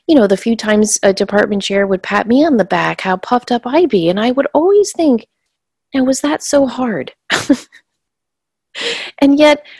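Animated woman, former teacher, dry sound. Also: medium pitch, dry recording. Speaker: podcast co-host, former teacher. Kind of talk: casual conversational chat.

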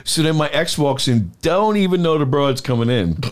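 A man telling a story in casual podcast chat, animated, swearing and laughing as he goes. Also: on the high side, normal speed.

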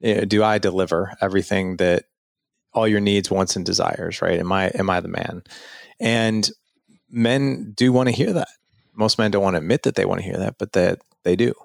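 A man with a low, gravelly voice gives earnest advice on a podcast, slipping into quick acted-out quotes as he goes. The sound is dry and close, with no room around him. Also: dry recording. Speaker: podcast guest, fatherhood coach. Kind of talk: casual advice conversation.

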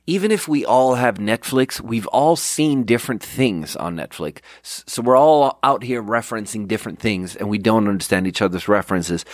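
A man's voice: medium pitch, dry recording, clean studio sound. A man hosting a podcast alone, talking in a rambling, digressive, self-deprecating way and acting out the people in his stories. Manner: animated storyteller who acts out quotes. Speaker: podcast host. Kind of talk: casual solo monologue.

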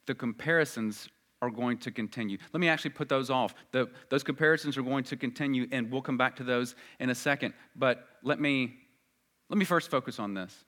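A male preacher delivering a sermon with a bright, forceful tone. He speaks earnestly, and his voice rises loud and high when he stresses a point. His pitch sits in an average range for a man. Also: fairly quick. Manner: earnest, swells loud and high at emphatic moments.

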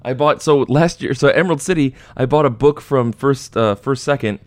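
A man's voice: medium pitch, fairly quick, a little mellow, no echo. A young man hosting a podcast, telling a story in casual chat and acting out the voices of people he quotes. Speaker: podcast host.

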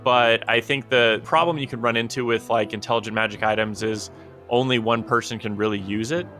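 A man's voice: medium pitch, steady tone, fairly quick, pushed and bright, soft background music. A man who plays tabletop games, chatting thoughtfully and casually with his group. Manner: thoughtful, chatty, uses fillers like "like". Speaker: tabletop game player.

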